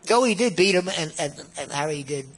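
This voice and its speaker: A man's voice: a little high, expressive, fairly quick, fairly bright tone. A man in his nineties, a guest musician, reminiscing in a rambling way, often repeating words and chuckling at his own tales. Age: 90s. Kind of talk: storytelling reminiscence.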